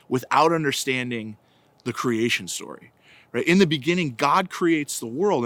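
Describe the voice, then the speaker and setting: A man's voice: mid-range voice, a bit bright, no room sound. A man, a church evangelization director, giving an informal faith reflection that opens with a family story, talking casually with many asides. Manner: conversational, anecdotal, frequent "right?" and "like".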